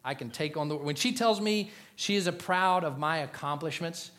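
A middle-aged man preaching a sermon to a congregation in a joking, animated way, swinging from loud punchlines to quiet, earnest asides. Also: fairly high pitch, moderate pace, few pauses. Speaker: pastor.

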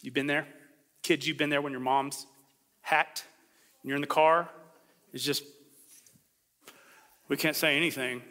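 A man preaching a sermon as a pastor, talking in a conversational, animated way and acting out the voices he quotes. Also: a little high, moderate pace, long pauses. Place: church sanctuary. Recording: long hall reverb.

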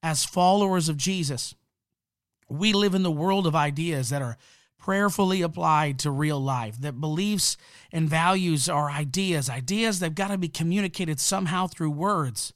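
A man's voice: fairly high pitch, a little slow, no echo. A man hosting a podcast, delivering a fired-up, emphatic, preacherly monologue into a close mic. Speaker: podcast host.

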